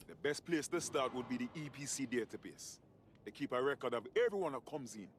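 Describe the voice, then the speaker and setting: A man's voice: mid-range voice, lively intonation, brisk, slight background noise, close to an everyday voice. A man voicing a somber camp informant. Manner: somber, matter-of-fact. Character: watchful male camp inmate informant.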